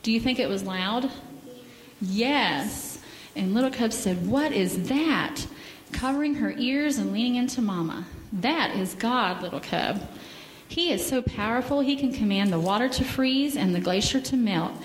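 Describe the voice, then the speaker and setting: Gentle woman reading children's story in church. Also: a little high, normal speed, slight background noise. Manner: gentle, animated, asks children questions. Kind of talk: reading a picture book to children. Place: church sanctuary. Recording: echoey hall with faint ambience.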